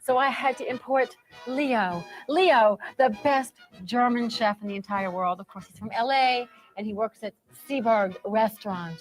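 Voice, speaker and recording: A woman's voice: fairly high pitch, normal speed, hardly any pauses, soft background music. A woman hosting a late-night show in playful casual chat, flirty and teasing, giggling and talking while she chews. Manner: talks while chewing.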